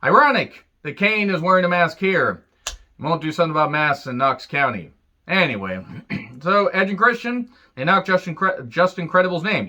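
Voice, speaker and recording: A man's voice: a little high, sharp tone, highs cut off. A man giving a casual, sarcastic and profane recap of an old wrestling show, full of jokey asides. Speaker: wrestling reviewer.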